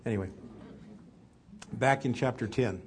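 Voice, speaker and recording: A man preaching a sermon, reading scripture aloud and asking the listeners questions, swinging from loud emphasis to hushed asides. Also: medium pitch, unhurried, slight background noise. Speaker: pastor.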